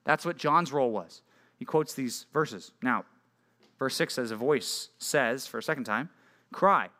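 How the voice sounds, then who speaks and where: A man, a youth pastor, giving a casual and conversational sermon to a junior high group, often asking his listeners questions. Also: a little slow, bright, forceful tone. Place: church youth group meeting.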